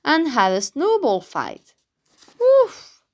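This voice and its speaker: A woman reading a children's storybook aloud, expressive and adding sound effects. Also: on the high side, takes it slowly.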